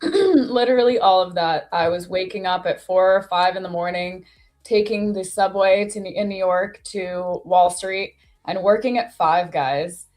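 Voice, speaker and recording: A woman's voice: on the low side, normal speed, a little mellow, soft background music. A young woman hosting a casual livestream chat, chatty and easygoing, who laughs easily and swears now and then. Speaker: host.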